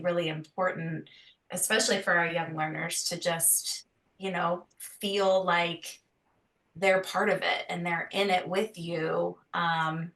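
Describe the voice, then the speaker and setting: A woman's voice: lowish voice, a bit bright. A woman hosting a conversation about arts education over a video call, thoughtful and searching for words as she talks. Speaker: host, arts education interviewer. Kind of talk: casual conversation. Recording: echoey room, far from the mic.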